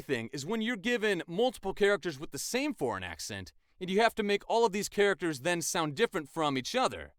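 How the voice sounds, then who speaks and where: A man's voice: high-pitched, very animated, fairly quick, hardly any pauses, no room sound, studio quality. A man in his twenties, a voice actor, chatting enthusiastically in a casual vlog. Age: 20s.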